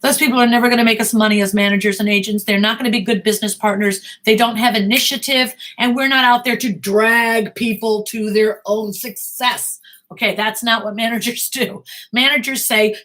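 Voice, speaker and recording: An American talent manager and acting coach speaks directly to aspiring actors in a live Q&A, giving blunt, emphatic, animated advice. Her slightly high voice is bright and forceful at normal speed, and she hammers her points home with repetition and plain language.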